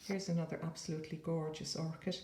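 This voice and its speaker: A woman's voice: deep voice, flat delivery, fast, darkish tone, a little hiss or hum. A woman casually showing paper crafts in a chatty, rambling way with playful asides. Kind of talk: casual show-and-tell flip-through. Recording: echoey room.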